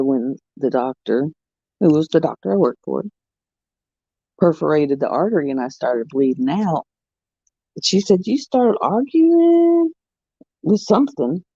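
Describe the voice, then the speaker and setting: A woman chatting casually on her craft vlog as an animated storyteller, recorded at home. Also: rumbling low, a little slow, pauses often, slightly rough, no room sound. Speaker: crafting vlogger. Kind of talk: casual chat. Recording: muffled, dull sound.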